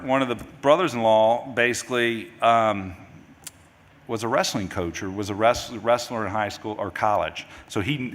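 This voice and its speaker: A man's voice: on the low side, vocal fry, a bit bright. Grieving middle-aged man in a reverberant hall. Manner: rambling, halting with repeated restarts. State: grieving, voice near tears. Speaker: grieving father giving a eulogy. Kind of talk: memorial eulogy. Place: large memorial service hall. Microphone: microphone at a podium. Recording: hall reverb, faint background noise.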